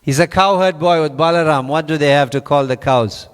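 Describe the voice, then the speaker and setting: A man's voice: on the high side, fairly quick, smooth. Man telling a scripture story in a reverberant hall. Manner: animated, questions the audience. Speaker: class speaker.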